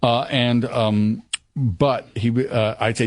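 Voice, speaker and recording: A man's voice: mid-range voice, slow pace. An older man in an interview, telling stories with acted-out quotes and hesitant restarts. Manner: animated storyteller, acts out quotes, hesitant restarts. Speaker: actor guest. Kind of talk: candid interview conversation.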